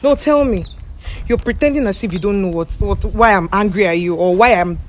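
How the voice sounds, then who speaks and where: A woman's voice: mid-range voice, a little fast, slight background noise. A woman with a Nigerian accent in an acted comedy skit, firmly and defiantly refusing, repeating herself. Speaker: bride-to-be in a staged skit.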